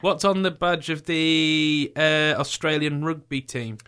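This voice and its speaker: High bright jokey man. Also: fairly even intonation, a little hiss or hum. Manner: jokey, laughs often, quick asides. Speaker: panelist. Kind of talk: casual chat.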